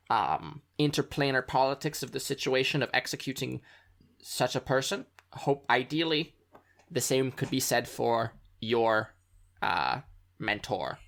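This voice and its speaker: A man's voice: medium pitch, vocal fry, a bit bright. A man voicing a formal, earnest male rebel contact in a tabletop game, with a stiff, faintly transatlantic delivery. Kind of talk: tabletop role-play character voice.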